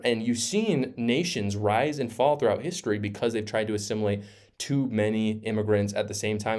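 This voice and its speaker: A male political commentator ranting in his own video, sarcastic and heated, repeating his points for emphasis. His voice sits a little low. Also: darkish tone. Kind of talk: opinion commentary vlog.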